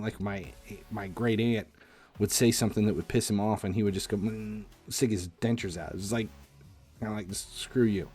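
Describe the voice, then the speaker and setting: A man in his forties tells a long personal story as he streams, rambling, doubling back and restarting his sentences. His voice sits slightly low. Soft music plays faintly behind him. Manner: rambling, many restarts and fillers. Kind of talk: casual storytelling.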